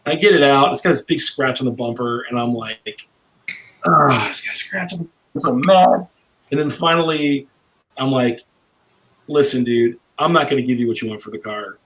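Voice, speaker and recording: A man's voice: medium pitch, moderate pace, fairly bright tone, low-quality recording. A brash middle-aged man, a cigar maker guesting on a podcast, telling a long rambling story in casual chat.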